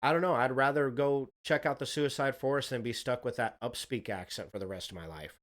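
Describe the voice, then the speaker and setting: A man's voice: medium pitch, brisk, a bit bright. A man hosting a livestream, reacting to a video and chatting casually with viewers in a rambling, profane way. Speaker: livestream host.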